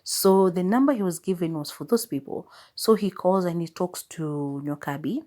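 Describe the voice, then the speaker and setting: A woman's voice: lowish voice, normal speed, warm tone. A young Kenyan woman hosting a podcast, chatting casually as she retells a film and quotes its characters. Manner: chatty, retells scenes with quoted lines and laughs. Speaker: podcast host.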